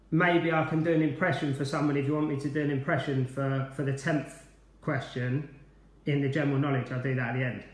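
A cheerful man runs a quiz over a live stream, chatting and calling out viewers' names between questions. His voice sits a bit high for a man. The room around him is echoey. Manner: chatty, upbeat, greeting viewers by name. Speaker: quiz host, former player.

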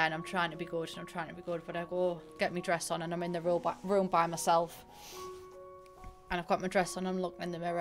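A young woman with a Northeast English accent, streaming and chatting casually, rambling through a story and thanking viewers. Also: lowish voice. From northeast England. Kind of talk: casual gaming stream chat. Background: faint piano music.

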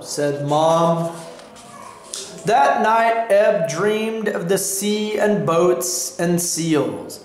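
A man with a fairly high voice reads a children's picture book aloud, word by word, very slowly. His reading is deliberate and clearly paced for learners, and the sound rings through a very echoey room. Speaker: storybook reader. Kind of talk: slow read-aloud for learners.

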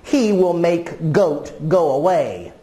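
A woman's voice: lowish voice, expressive, slow, mellow, reverberant. A woman doing a worried old storybook farmer. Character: worried old male farmer, plain and kindly.

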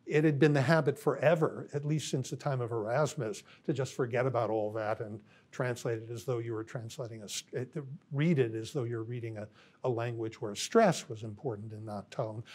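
An older man, a philosophy professor, giving a university lecture in a thoughtful, halting way with many pauses and restarts. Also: medium pitch, darkish tone. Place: college classroom.

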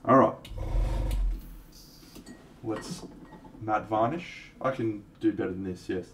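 A man's voice: lowish voice, slow, noisy background. An Australian man chatting casually on a livestream while he paints miniatures, swearing now and then and answering viewers by name. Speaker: streamer.

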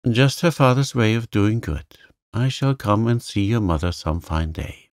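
A man voicing a gruff, stern old gentleman who is kind underneath, speaking abruptly in short sharp questions. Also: lowish voice, unhurried, dry recording, clean studio sound, lightly acted. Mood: approving.

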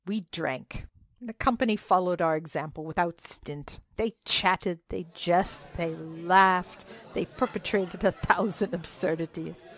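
A woman narrating a classic story as a measured dramatic reading. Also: fairly low pitch, fairly bright tone. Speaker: reader.

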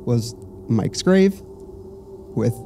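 A young man tells ghost stories on a live stage, loose and chatty, tossing in casual swearing. His voice sits in a mellow, warm register at an ordinary pitch. Faint noise hums under him. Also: sing-song, drawn-out words, gravelly. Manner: loose and chatty, swears freely, laughs between lines. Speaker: audience guest telling ghost stories.

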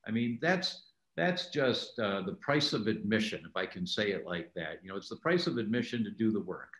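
A man's voice: lowish voice, normal speed. Older man telling stories in an echoey room. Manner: animated storyteller, acts out quoted lines. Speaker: interview guest, author and doctor. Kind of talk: conversational interview storytelling.

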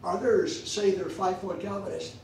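A man's voice: sits high, steady tone, moderate pace, creaky, slight background noise. A man teaching a church theology class, emphatic and repeating phrases for stress, recorded in an echoey church room from far off.

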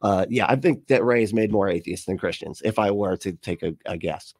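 A man's voice: on the low side, a little fast, darkish tone, no echo, studio quality. A man hosting a casual reaction show, rambling and sarcastic, swearing freely and laughing at what he watches. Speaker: host.

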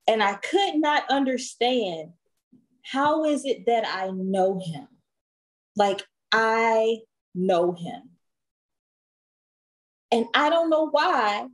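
A woman, a singer, telling a story as a podcast guest in a relaxed, chatty way with frequent fillers. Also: a little high, rough recording. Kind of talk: storytelling in an interview.

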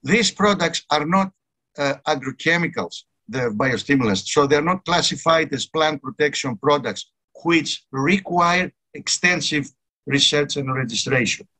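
Guy giving a conference talk, kinda high bright voice, earnest, keeps stressing words. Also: unhurried. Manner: earnest, emphatic, repeats key words. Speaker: conference speaker. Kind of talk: technical conference presentation.

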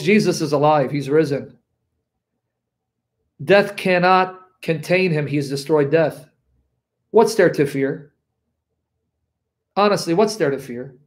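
A man with a high voice preaches with fervent energy, his delivery swinging between loud bursts and hushed moments. He teaches Scripture straight to his viewers and keeps checking in with them as he goes. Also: lively intonation, a little slow, pauses often. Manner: talks straight to viewers with frequent check-ins. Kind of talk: impassioned Bible teaching to a live audience.

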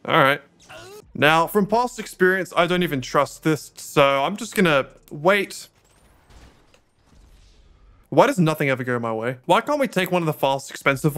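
A man's voice: on the high side, a bit bright. A young man giving sarcastic gameplay commentary and talking back to game characters. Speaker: gaming YouTuber.

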